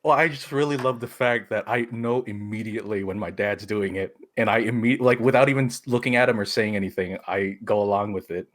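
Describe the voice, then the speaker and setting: A man's voice: fairly low pitch, brisk, few pauses, a bit bright. A man co-hosting a live-streamed podcast, telling family stories in casual chat, swearing often and laughing as he talks. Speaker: podcast co-host.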